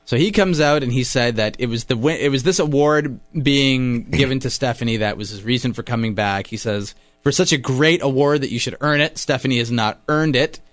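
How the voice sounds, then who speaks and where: A man's voice: medium pitch, a little fast, few pauses, dry recording. Radio co-host man telling a story. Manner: lively storyteller, acts out quotes. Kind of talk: casual chat about wrestling.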